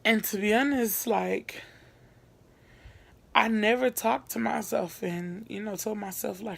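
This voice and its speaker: Young woman, casual vlog chat, slow unhurried talk, gravelly vocal fry, rambling with fillers. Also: medium pitch, fairly even intonation. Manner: chatty, repeats herself, many fillers. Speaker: vlogger. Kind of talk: casual get-to-know-me vlog. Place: her bedroom, in bed at night.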